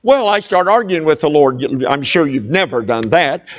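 A man's voice: a little high, very animated, normal speed, lo-fi sound. A middle-aged male pastor telling a humorous personal story in a sermon, talking straight to his congregation. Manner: folksy, humorous, talks to the congregation.

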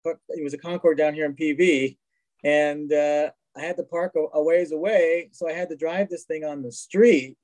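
Casting note: a man, fairly high voice, interview guest, rambling storyteller who restarts sentences often. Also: steady tone, normal speed, a little mellow, rough recording. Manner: rambling anecdotes with frequent restarts and acted-out quotes. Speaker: guest, race car collector. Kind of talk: casual storytelling.

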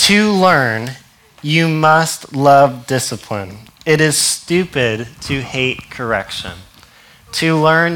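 A man's voice: medium pitch, sharp tone, a little hiss or hum. Chatty male pastor preaching. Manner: conversational, laughing, acts out quotes. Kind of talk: sermon.

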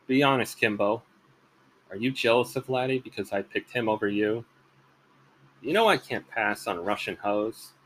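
A man's voice: medium pitch, a bit bright, a little hiss or hum, poor audio. A man voicing a blustering older male politician who reads out a crude, mocking love letter.

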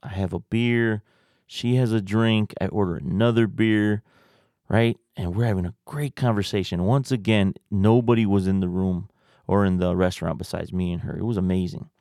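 A man with a low, gravelly voice tells a personal story in a loose, rambling way. He swears often and ends his points with quick questions. His voice sits close and dry, with no room around it. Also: steady tone, mellow, no echo. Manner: profane, rambling, tag questions. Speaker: podcast host. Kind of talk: casual storytelling.

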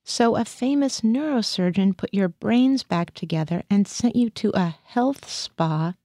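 A woman's voice: medium pitch, animated, measured pace, warm tone, no echo. A woman reading the part of a skeptical male military psychiatrist who questions his patient in a probing, dry way. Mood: questioning.

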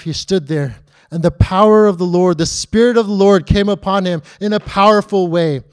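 A man preaching a sermon, retelling the story dramatically and dropping to a hush on key lines. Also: high-pitched.

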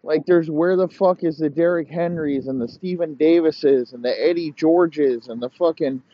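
A man's voice: on the high side, normal speed, no room sound, dull audio. A man hosting a podcast, ranting profanely and rambling in heated complaint. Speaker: podcast host. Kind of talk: profane casual rant.

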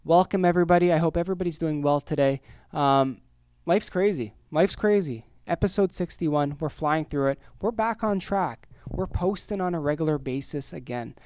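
A man from Canada hosting a casual solo podcast, energetic and rambling with jokes, his voice worn hoarse. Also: fairly high pitch, normal speed, no echo, studio quality. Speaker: podcast host.

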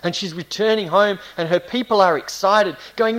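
A man preaching a sermon in a church, reading scripture aloud and swinging between loud emphatic lines and quiet, intimate phrases. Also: sits high, normal speed, low-quality recording. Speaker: pastor.

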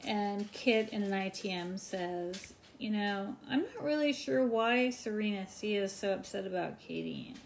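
A young woman co-hosting a casual recap chat, talking fast and acting out the quotes she retells. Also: mid-range voice, expressive, creaky, a little hiss or hum. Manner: chatty, acts out quotes with emphasis. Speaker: podcast co-host.

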